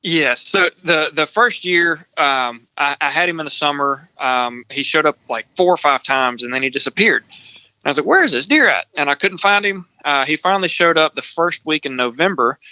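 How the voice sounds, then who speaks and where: Bright, smooth-voiced man recounting a story. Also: mid-range voice, no echo. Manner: thoughtful, with many ums and restarts. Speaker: podcast guest. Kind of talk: casual storytelling. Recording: dull lo-fi sound.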